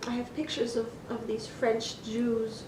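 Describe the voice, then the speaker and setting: A woman interviewing, asking soft probing questions and sharing her own memories. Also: level tone, unhurried. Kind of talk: conversational interview. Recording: roomy, noisy with low rumble.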